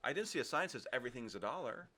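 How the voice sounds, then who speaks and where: A man's voice: medium pitch, sing-song, very fast, pushed and bright. A middle-aged man co-hosting a podcast, chatting casually, joking and laughing often as he drifts between topics. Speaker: podcast co-host. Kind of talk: casual chat.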